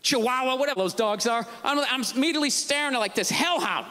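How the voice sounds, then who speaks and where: A male stand-up comedian ranting sarcastically on stage before a live audience, often shouting his punchlines. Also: extremely high pitch, fast talker. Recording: live show with crowd laughter. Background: audience laughter and ambience.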